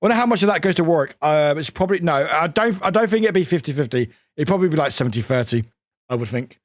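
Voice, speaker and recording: A man's voice: fairly high pitch, expressive, fast, no room sound, clean studio sound. A British man streaming live, chatting casually with viewers, swearing freely and laughing often.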